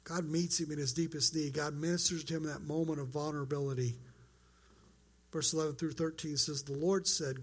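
A man's voice: a little high, steady tone, brisk, husky. A man preaching a sermon as pastor, earnest and conversational, acting out quoted lines.

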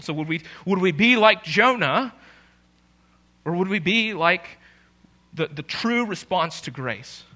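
A man preaching a sermon as pastor, conversational and animated, with emphatic rises. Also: high voice, a little slow, long pauses.

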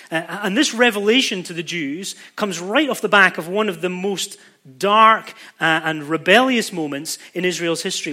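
A man's voice: sits high, sharp tone. A man preaching a sermon, explaining a Bible passage emphatically and shifting his pace for stress.

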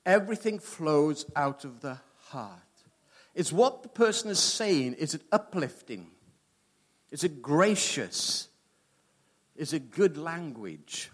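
Middle-aged male preacher, conversational and animated, with a lively, fairly high voice. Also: takes it slowly, slightly rough. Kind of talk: sermon with personal storytelling.

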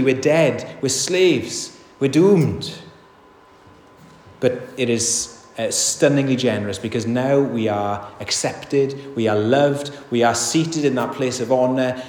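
A man's voice: mid-range voice, darkish tone, a little hiss or hum. A man preaching a sermon in a church, earnest and emphatic, often asking his listeners rhetorical questions. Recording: echoey hall reverb.

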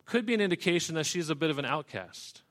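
Higher-voiced man preaching conversationally. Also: lively intonation, fast, a bit bright. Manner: conversational, explains scripture verse by verse with asides. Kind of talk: expository sermon.

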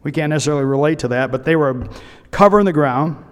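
A man's voice: on the high side, fast talker. Man preaching in a reverberant hall. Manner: storytelling with asides and humor. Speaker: pastor. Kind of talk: sermon.

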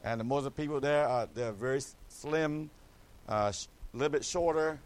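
A man's voice: mid-range voice, moderate pace, clean tone. A middle-aged man from Cambodia, a missionary pastor giving a church a joking mission update full of "amen?" asides.

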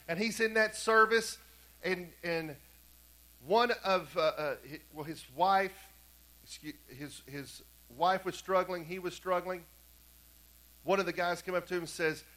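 A man preaching a sermon in a church, telling stories and swinging from hushed tones to emphatic repetition. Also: high voice, normal speed, rough recording. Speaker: pastor. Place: church sanctuary.

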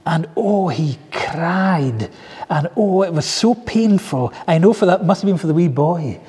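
A man preaching a sermon, telling stories in an earnest, heartfelt way with soft asides. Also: a little high, animated, unhurried, husky, long reverb tail. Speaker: pastor.

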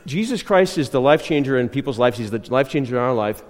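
Pastor telling a story in a reverberant church. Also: male voice, medium pitch, expressive, fairly quick. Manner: storytelling, repeats himself, often checks with "right?". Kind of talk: conversational sermon.

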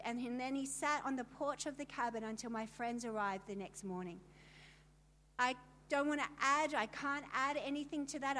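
High-voiced woman giving a vivid testimony. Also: a bit bright, slight background noise. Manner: vivid storytelling with emphatic asides to the audience. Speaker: speaker telling her story to a women's gathering. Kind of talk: personal testimony talk.

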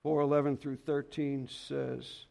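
A man's voice: medium pitch, level tone, unhurried, vocal fry, a little mellow. A man giving an informal, rambling sermon in a folksy, anecdotal way, reading scripture aloud. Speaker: lay preacher.

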